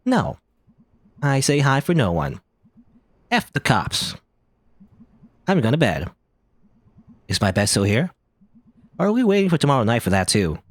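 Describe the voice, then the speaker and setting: Sulky sarcastic young woman, read by a man, deadpan, lively pitch, game playthrough. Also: a little slow, pauses often, no echo.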